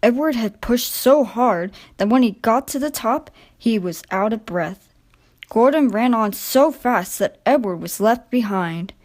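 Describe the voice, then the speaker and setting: A woman narrates a children's railway storybook in a gentle, expressive reading voice. Her pitch sits a little high for a woman. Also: measured pace.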